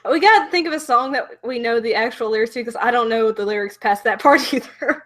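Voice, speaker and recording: A young woman with a Southern US accent hosts a casual livestream, speaking quickly in a slightly high, somewhat bright voice. She giggles often and reads out viewer comments.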